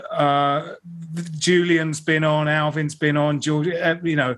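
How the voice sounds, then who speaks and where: A man's voice: on the high side, flat delivery, slow pace, fairly bright tone. A man hosting a podcast, chatting enthusiastically and rambling through lists of past guests. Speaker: podcast host. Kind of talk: casual podcast chat.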